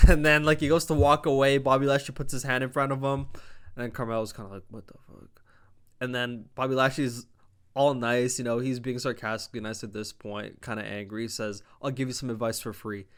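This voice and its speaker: A young man casually recapping a wrestling show, rambling, swearing often and jumping into animated voices when he quotes people. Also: medium pitch, fairly quick, clear, resonant tone. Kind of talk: casual chat.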